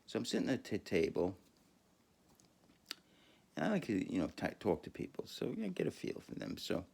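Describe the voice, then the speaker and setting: A man's voice: low-pitched, huge pitch swings, normal speed, vocal fry, darkish tone, slightly rough. A man podcaster telling a rambling, profane story in a casual monologue, full of fillers and laughing at himself.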